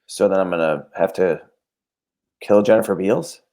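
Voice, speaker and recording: A man guesting on a podcast, chatting loosely and halting between thoughts. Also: low-pitched. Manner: relaxed, halting with fillers. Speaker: guest comedian. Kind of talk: casual chat.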